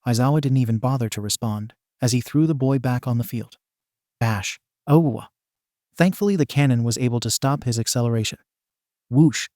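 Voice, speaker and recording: A man's voice: mid-range voice, fast, few pauses, dark tone, no echo, clean studio sound. Man narrating a comedy fan story. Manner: wry, tongue-in-cheek narration.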